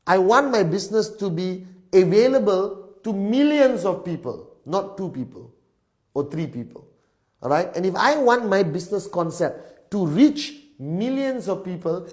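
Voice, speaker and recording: A man giving a whiteboard business presentation as the presenter, speaking in punchy lists and tagging phrases with a repeated "all right?". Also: high voice. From Malaysia. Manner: animated, emphatic lister. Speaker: network marketing presenter.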